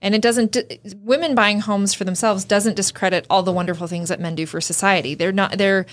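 A woman's voice: mid-range voice, steady tone, a little fast. A woman co-hosting a podcast in casual chat, speaking frankly and emphatically with some restarts. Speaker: podcast co-host.

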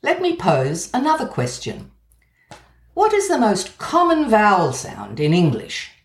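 A woman with an Australian accent reading a measured, gently wry scripted essay about language. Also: on the low side. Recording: roomy echo.

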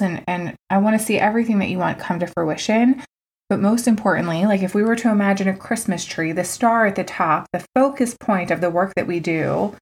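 A woman hosting her own podcast as a coach, talking casually and candidly, with lots of "like" fillers and some swearing. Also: fairly low pitch. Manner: candid, chatty, swears freely, many "like" fillers. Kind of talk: casual solo podcast talk.

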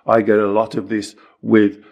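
Guy with a gravelly voice, therapist type, gets really emphatic. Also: on the low side, normal speed. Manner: animated, rising to emphatic exhortation. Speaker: therapist and podcast co-host. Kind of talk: conversational coaching talk.

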